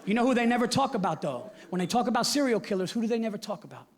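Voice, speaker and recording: High-voiced male comedian, live crowd. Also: rapid-fire. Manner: animated, acts out his father with a loud Italian-American voice. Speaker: stand-up comedian. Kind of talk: stand-up comedy. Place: comedy stage before a live audience. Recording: live show with audience laughter and noise. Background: audience laughing.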